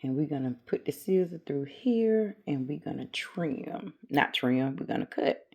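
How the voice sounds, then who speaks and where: Middle-aged woman, craft tutorial host, casual step-by-step chat, low voice, slow pace. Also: lively intonation, darkish tone, breathy edge. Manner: chatty, talks herself through each step. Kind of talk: casual how-to narration.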